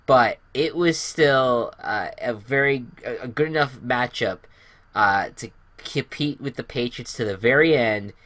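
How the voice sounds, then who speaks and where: A man hosting a casual sports podcast, chatting through the week's games. He rambles, fills pauses with "uh" and restarts his sentences. The sound is dry and close, with no room echo. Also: medium pitch, a bit bright. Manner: rambling, many fillers and restarts. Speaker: podcast host.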